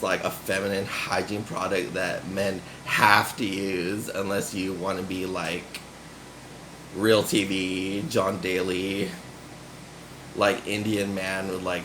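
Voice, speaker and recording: Speaking slowly in a low, fairly flat voice over some background noise, this young Nevada native rambles through a casual monologue. He leans heavily on filler words and keeps giggling and laughing.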